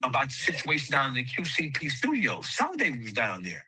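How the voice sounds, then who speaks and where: A man's voice: medium pitch, huge pitch swings, fairly quick, pushed and bright, breathy edge, no echo, rough recording. A man in an interview clip, telling a story bluntly with heavy cursing. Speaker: interview guest.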